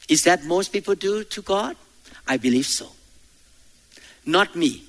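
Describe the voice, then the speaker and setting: A man's voice: high-pitched, lively intonation, a little slow, pauses often, a bit bright. A man from Thailand preaching a sermon in church, emphatic, with calls to the congregation. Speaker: pastor.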